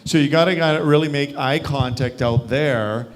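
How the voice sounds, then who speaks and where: A man's voice: mid-range voice, moderate pace. A man leading a sales training over a video call, coaching and quizzing his listeners. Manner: coaching, asks the group questions. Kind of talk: live training session.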